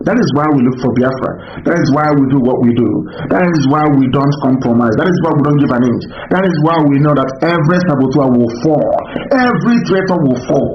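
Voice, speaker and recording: A man giving an impassioned political radio address, preacherly and fiery, with emphatic high peaks. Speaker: radio broadcaster. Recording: roomy, dull radio broadcast with faint noise.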